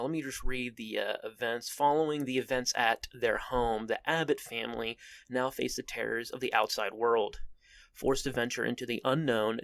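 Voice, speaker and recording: A man's voice: medium pitch, gravelly, a bit bright. A young man hosting a casual solo podcast, groggy and coughing after just waking up, rambling and restarting his sentences. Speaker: podcast host.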